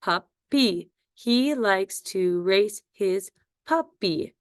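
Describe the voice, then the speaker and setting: A woman teaching a phonics dictation lesson, sounding out words slowly and deliberately. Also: medium pitch, clear, resonant tone, dry recording, studio quality.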